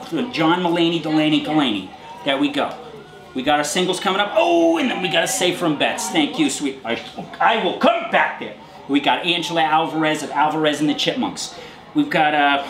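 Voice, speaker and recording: A man's voice: medium pitch, fairly bright tone. Male host, casual and crude, joking through a donor roll call; mid-range voice with room echo. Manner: jokey, riffs on names, crude asides. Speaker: show host reading out donors.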